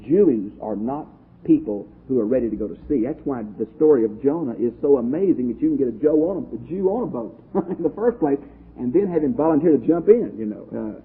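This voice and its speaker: A man from Texas, a pastor teacher giving a lively, conversational Bible study lecture and asking his class questions. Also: medium pitch, brisk, husky. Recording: tinny lo-fi phone-like audio.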